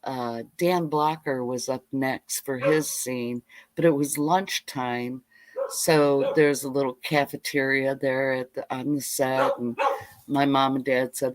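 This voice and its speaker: A woman's voice: very deep voice, a little slow, no echo. Rambling middle-aged woman telling stories. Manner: rambling, animated, side-tracked. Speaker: homestead channel host. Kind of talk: casual live storytelling. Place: home livestream.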